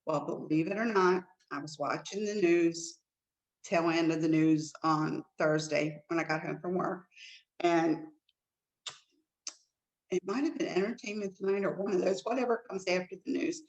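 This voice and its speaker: A woman co-hosting a casual chat show, telling stories in an animated way with big jumps in pitch. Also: normal speed, muffled recording. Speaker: co-host.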